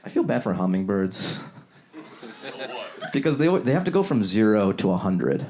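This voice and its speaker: A male stand-up comedian working a club crowd in a loose, conversational way, now and then jumping into high, silly voices. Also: big pitch swings, normal speed. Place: comedy club before a live audience. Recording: loud crowd laughter around the voice.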